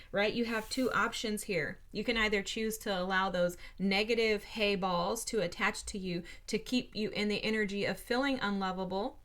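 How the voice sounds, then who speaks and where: A woman's voice: mid-range voice, a bit bright. A woman giving a casual spiritual tarot reading, talking straight to her viewers in an earnest, encouraging way. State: briefly emotional. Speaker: tarot reader.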